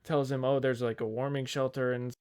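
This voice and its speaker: A man's voice: mid-range voice, level tone, a little fast, a little mellow, clear, resonant tone. A young man on a podcast telling a long, rambling work story in casual chat, swearing freely and quoting the people in it. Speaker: podcast co-host.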